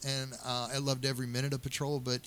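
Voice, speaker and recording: A man's voice: medium pitch, level tone, quick pace, fairly bright tone. A middle-aged man, a county sheriff, answering interview questions earnestly and telling stories with many restarts.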